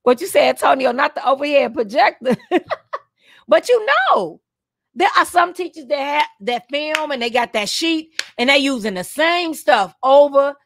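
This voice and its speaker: A woman's voice: sits high, big pitch swings, normal speed, gravelly, fairly bright tone, dry recording, studio quality. A woman coaching teachers on a live stream, preachy and playful, with punchy repeated phrases.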